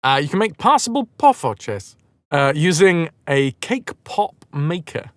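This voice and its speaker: A man's voice: fairly high pitch, very animated, a little slow, no room sound, clean studio sound. A man live-streaming a game, chatting casually with viewers in a rambling, self-mocking way and swearing freely.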